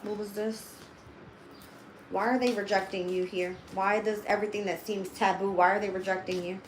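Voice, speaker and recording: A woman at middle pitch gives a livestream tarot reading, cursing freely and speaking bluntly to her viewers. She thinks out loud as she works through the spread. A faint hiss sits under her voice. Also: fairly even intonation, normal speed, echoey room, low-quality recording. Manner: blunt and heavily profane; thinks aloud, talking straight to viewers. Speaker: tarot reader.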